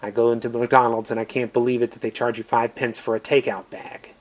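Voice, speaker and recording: An American man preaching a sermon, earnest, moving between emphatic lines and quiet ones. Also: medium pitch, level tone, fairly quick. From United States.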